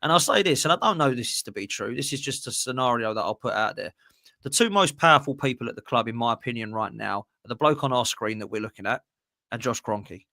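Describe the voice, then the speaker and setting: A man's voice: mid-range voice, lively intonation, fast, gravelly, pushed and bright, no room sound, studio quality. Blunt, ranting man. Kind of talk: casual football chat.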